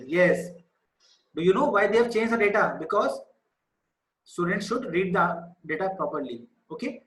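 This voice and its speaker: A man's voice: high voice, fairly bright tone. A male teacher, patiently explaining a maths lesson to students over a video call. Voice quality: patient, explanatory, repeats key numbers. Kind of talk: online class lesson. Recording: echoey room.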